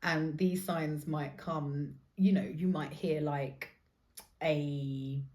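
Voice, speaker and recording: A woman in her thirties, a podcast host telling a story in a casual monologue, animated and quick to laugh, swearing freely. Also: low-pitched.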